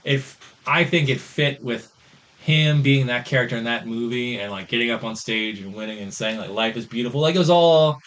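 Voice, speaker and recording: A man's voice: medium pitch, normal speed, fairly bright tone. A young man co-hosting a podcast, chatting casually about movies in a rambling way, filling his sentences with "like". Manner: rambling, heavy use of "like". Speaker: podcast co-host.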